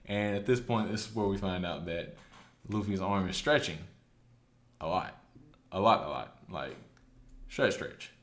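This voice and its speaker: Deep-voiced man chatting through a story recap. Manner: loose, chatty retelling with quick acted quotes. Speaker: anime recap host. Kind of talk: casual recap.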